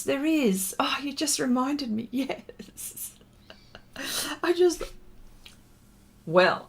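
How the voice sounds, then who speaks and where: Slow-talking woman artist. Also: a little high, vocal fry. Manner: chatty, greets viewers warmly and laughs often. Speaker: artist streaming a pastel demonstration. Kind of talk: casual livestream chat and demonstration.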